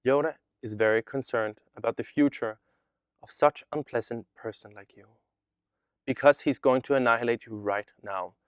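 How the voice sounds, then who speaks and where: A boastful chatbot posing as a young Jewish boy from Odessa, read out by a man. The lines come flat and even, at a mid pitch, with dry sound close to the mic. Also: normal speed, no room sound, lightly acted. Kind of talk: reading a chat transcript aloud.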